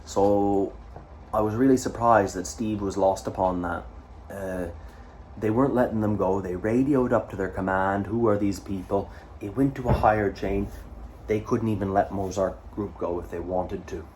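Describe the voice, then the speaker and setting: A man's voice: on the low side, fairly even intonation, moderate pace, a little mellow, slight background noise. A man from Canada telling a war story in a casual, rambling way, with swearing and frequent fillers. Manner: rambling, profane, full of fillers and asides. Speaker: vlogger.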